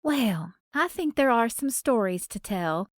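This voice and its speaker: A woman's voice: lively intonation, measured pace, no room sound, studio quality. A woman narrator voicing an effusive, folksy grandmother in her sixties with a lyrical Southern accent, in an audiobook. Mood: teasing. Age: 60s. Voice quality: lyrical, higher and brighter. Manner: effusive, folksy, playfully bossy. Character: warm older Southern grandmother, former star singer.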